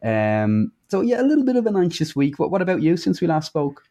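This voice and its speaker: A man co-hosting a podcast. He chats in a friendly way, with quick interjections and questions for his co-host. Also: on the high side, big pitch swings, dark tone. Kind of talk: casual chat.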